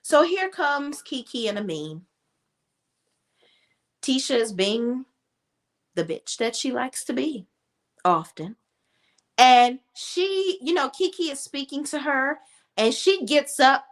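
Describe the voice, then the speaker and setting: Brief: emphatic, profane woman commentator, high, animated voice. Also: measured pace. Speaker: reality TV commentator. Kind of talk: casual commentary.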